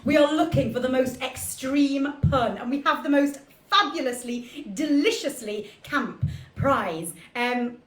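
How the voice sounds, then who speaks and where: A woman's voice: high voice, a little slow. A woman hosting an online cabaret from home, chatting in a giggly, self-mocking, camp way and laughing at her own jokes. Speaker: cabaret host. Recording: roomy echo with piano music behind.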